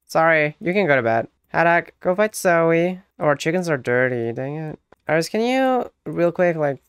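A let's play host chats through a gameplay session, bossing the game characters around and laughing often. The voice is smooth and clean, captured dry and close on a home mic with no room sound. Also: mid-range voice, no echo. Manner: chatty, giving orders to game characters. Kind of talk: casual gameplay commentary.

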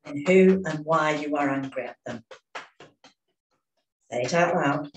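A woman leading a guided emotional tapping session, giving calm step-by-step instructions and phrases to repeat. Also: low voice, unhurried, slight background noise. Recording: echoey room, distant mic.

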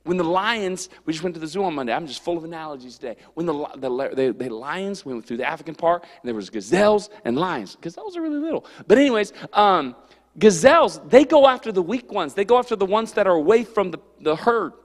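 Youth pastor, male, high-pitched, lively storyteller, echoing church hall. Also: fast talker. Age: adult. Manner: animated, storytelling with acted-out quotes. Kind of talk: youth sermon. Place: church sanctuary.

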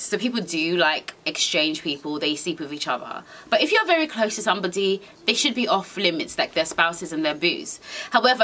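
A young woman vlogger talks straight to camera in a sassy, slang-heavy rant. Her voice is bright and swings widely up and down as she gets worked up. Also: fairly low pitch.

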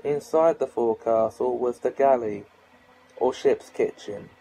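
A man reading a children's novel aloud in a measured storytelling manner. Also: mid-range voice, mellow, husky, low-quality recording. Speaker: audiobook reader.

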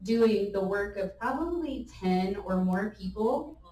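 A woman church speaker delivers conversational sermon teaching in an echoey church, telling stories in an animated way with laughing asides. Her voice is mid-range and slow. The mic is at a distance, and the room is echoey.

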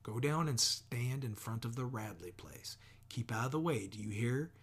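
Man reading a calm fatherly guy, husky and gravelly, quietly firm. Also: mid-range voice, moderate pace. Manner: quiet and steady, giving firm instructions. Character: calm, gentle father, middle-aged man.

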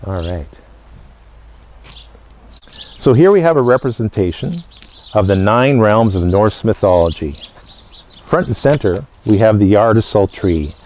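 A man with a fairly low voice gives a casual educational talk as a living history presenter. He explains things step by step, in short phrases with pauses between them. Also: lively intonation, darkish tone.

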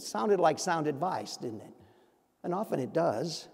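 A man preaching in a church sanctuary, his voice pitched high for a man. He speaks earnestly and keeps asking his congregation pointed questions. A long reverb trails each phrase. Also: animated, measured pace, darkish tone. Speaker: pastor. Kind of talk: sermon.

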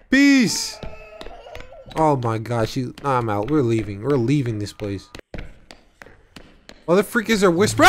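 Jumpy high-voiced young man gaming. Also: takes it slowly, long pauses, a little hiss or hum. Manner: jumpy, excitable, yells when startled. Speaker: gaming channel host. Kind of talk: horror game commentary.

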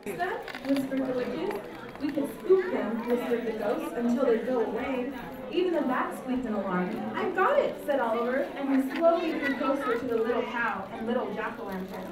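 A woman reading a storybook aloud to children and leading them in movement games, expressive and coaxing. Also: sits high, moderate pace. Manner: expressive, coaxing, acts out voices. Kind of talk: animated storybook reading and kids' activity. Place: indoor library room. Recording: very echoey room, mic far off. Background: crowd of children.

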